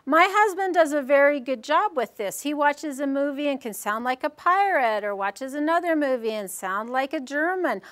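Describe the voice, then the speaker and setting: A woman presenting a storytelling workshop, explaining ideas to a group in a friendly, encouraging way. Her voice sits high. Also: lively intonation, moderate pace, few pauses, fairly bright tone.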